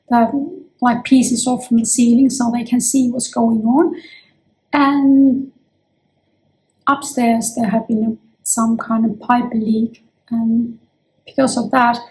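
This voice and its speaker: A woman's voice: a little high, darkish tone, rough recording. A woman in her fifties who is losing her voice, chatting reflectively to camera from her office in a casual vlog. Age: 50s. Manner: chatty and reflective, with frequent restarts. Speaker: vlogger.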